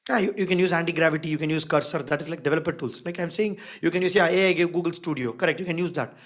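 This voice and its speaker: Running a live online design workshop, this instructor speaks rapid-fire in a voice on the high side. He's emphatic, repeating and stressing key words while checking in with the audience repeatedly.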